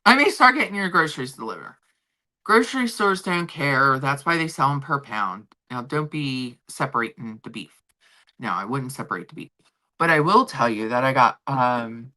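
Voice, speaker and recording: Casting note: woman streamer, low voice with a sharp edge, chatty storyteller. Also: lively intonation, moderate pace. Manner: chatty storytelling, swearing casually. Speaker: livestream host. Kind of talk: casual chat with viewers.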